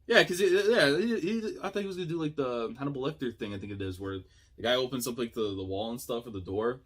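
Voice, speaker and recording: A man at a middling pitch gives casual reaction commentary. He is excitable and slangy, laughs easily, and often trails off mid-thought as he puzzles things out. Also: fast talker. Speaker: manga reaction YouTuber.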